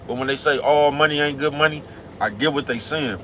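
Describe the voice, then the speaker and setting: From the cab of a big truck on the move, a man with a fairly high, sharp-toned voice delivers a brisk, slangy, rambling sermon to his viewers. Faint traffic sounds can be heard in the background.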